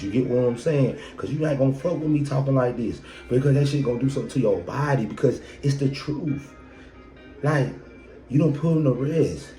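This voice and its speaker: A man hosting a podcast, giving a blunt, profane motivational monologue full of rhetorical questions. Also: medium pitch. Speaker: podcast host. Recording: echoey room with loud music behind.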